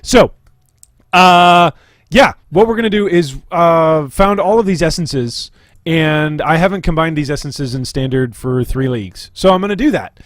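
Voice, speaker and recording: A man's voice: fairly high pitch, unhurried, dry recording, clean studio sound. A young man giving casual, upbeat gameplay commentary to viewers, chatty and explanatory as he walks through advice. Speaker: gaming video creator.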